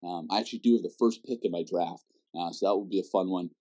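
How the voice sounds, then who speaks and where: Canadian man with a low voice. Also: fast, dark tone. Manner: rambling, with many fillers and restarts. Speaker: podcast host. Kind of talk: casual interview chat.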